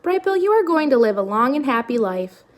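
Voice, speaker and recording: A woman voicing a calm, polite female robot mother who speaks in an even, formal, gentle way. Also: sits high, a little fast, voice pushed up.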